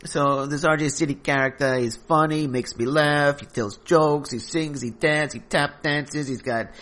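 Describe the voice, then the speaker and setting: A man voicing a loud, foul-mouthed, violent male mobster who swears constantly and talks pushy and brash. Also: fairly high pitch, fairly even intonation, unhurried. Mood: brash, aggressive.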